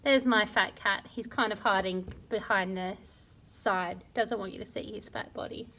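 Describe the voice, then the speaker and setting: A woman teaching a phonics lesson to young children, sounding out words slowly and praising often. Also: medium pitch, sharp tone. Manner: slow, sounding out words syllable by syllable; encouraging and praising. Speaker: primary school teacher.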